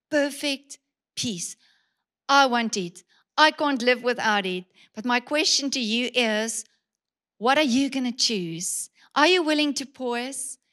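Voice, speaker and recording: A woman's voice: sits high, fairly bright tone. A middle-aged woman pastor preaching a sermon, emphatic, repeating key words and putting questions to the congregation.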